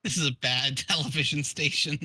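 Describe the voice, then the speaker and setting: A man's voice: fairly high pitch, fairly even intonation, a little fast, pushed and bright, slightly rough. A man chatting casually with friends on a live stream, joking, rambling and laughing often. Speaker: friend reading along.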